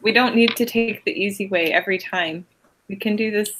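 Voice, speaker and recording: A young woman speaking earnestly and deliberately as a player in a tabletop game. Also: mid-range voice, a bit bright, slight background noise, poor audio. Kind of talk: tabletop role-play.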